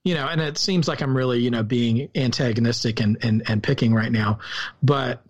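A male podcast co-host with a Southern US accent and medium pitch talks through a film in a lo-fi recording. He comes across as earnest, stopping and starting over often.

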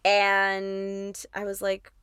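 A woman's voice: medium pitch, monotone, very slow, fairly bright tone, clean tone, dry recording. Blunt chatty woman podcaster. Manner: chatty, opinionated, blunt, swears. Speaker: podcast co-host. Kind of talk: casual chat.

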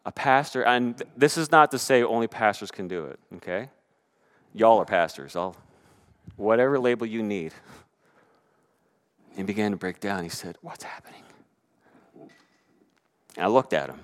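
A middle-aged man preaching a sermon, telling stories in an animated way and swinging from loud to hushed. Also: fairly low pitch, moderate pace, pauses often. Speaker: pastor.

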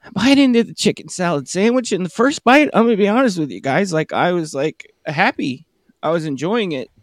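A man co-hosting a podcast, telling a long comic story in a halting, rambling way that keeps circling back on itself. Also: high-pitched, expressive, no echo, clean studio sound. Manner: rambling, halting, self-interrupting. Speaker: podcast co-host. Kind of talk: casual comedic storytelling.

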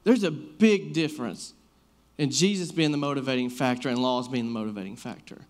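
A man in his thirties speaks at a medium pitch and a fairly quick pace in a casual sermon. He tells personal stories in a loose, conversational manner, filling gaps with words like "like."

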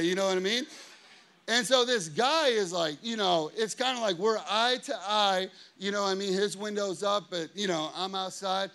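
A man in his thirties preaching a sermon, telling a story with lively acted-out quotes and confessional asides. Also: sits high, normal speed. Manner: animated storytelling, acting out quotes. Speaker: pastor.

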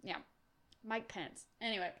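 A woman's voice: medium pitch, fairly even intonation, moderate pace, sharp tone. A woman from the United States in casual chat, blunt and sarcastic, swearing freely.

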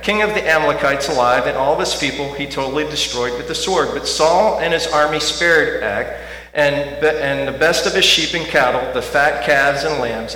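A man preaching a sermon in a church, talking conversationally and swinging from quiet reflection to loud emphasis. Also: medium pitch. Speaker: pastor. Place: church sanctuary. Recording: echoey hall with faint hum.

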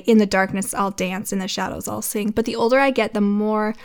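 A woman's voice: medium pitch, flat delivery, a little fast, hardly any pauses. A woman in her thirties hosting a faith-based podcast for mothers, talking earnestly and laughing often. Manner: earnest, warm-hearted, laughs often, tears up reading lyrics. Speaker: podcast host.

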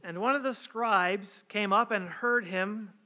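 Man, pastor, high clear voice, earnest conversational sermon, rhetorical questions. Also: a little slow, bright, forceful tone. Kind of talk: sermon with scripture reading and prayer.

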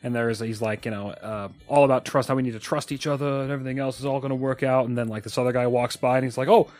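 A man's voice: medium pitch, fairly even intonation, quick pace, darkish tone, no echo. Profane, joking male podcast host. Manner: profane, jokey storytelling with put-on voices. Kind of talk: casual podcast chat.

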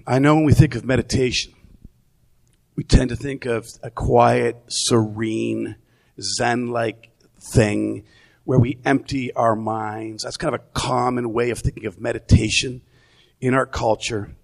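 Guy preaching slow, a bit of fry in his voice, chatty and repeats himself. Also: medium pitch, fairly even intonation. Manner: conversational, repeats words while thinking. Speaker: pastor. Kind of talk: sermon.

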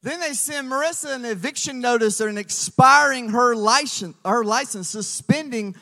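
A man preaching a sermon as pastor, telling stories with lively swings from hushed asides to loud emphasis. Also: extremely high pitch, moderate pace, big-room sound.

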